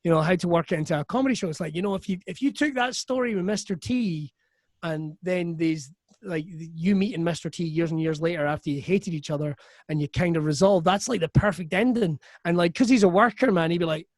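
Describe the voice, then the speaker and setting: A Scottish man, a comedian guest, telling stories in a profane, animated way on a podcast. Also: high-pitched, fairly quick, no room sound. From Scotland. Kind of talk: casual storytelling chat.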